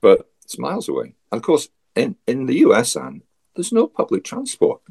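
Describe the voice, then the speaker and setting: A man's voice: mid-range voice, wildly swooping pitch, normal speed, vocal fry, a little mellow, slightly rough. A Scottish man from Scotland, a guest telling a travel story in a chatty way, with wry asides and frequent laughs. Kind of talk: casual storytelling.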